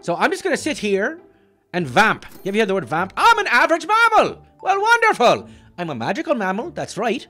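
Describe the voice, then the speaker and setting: A man's voice: high voice, big pitch swings, fairly bright tone, soft background music, exaggerated voice. A man doing a boastful leprechaun. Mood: excitable. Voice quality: boastful, bouncy, quick to get annoyed. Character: clumsy short-tempered male leprechaun. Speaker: let's-play host. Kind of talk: cartoon character game commentary.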